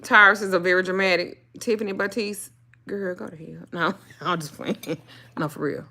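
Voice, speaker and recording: Bright-voiced, blunt, swearing woman. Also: fairly low pitch, fairly even intonation, normal speed, creaky. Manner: blunt, swears freely, talks to her dogs. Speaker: spiritual reader and vlogger. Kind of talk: casual profane rant to camera.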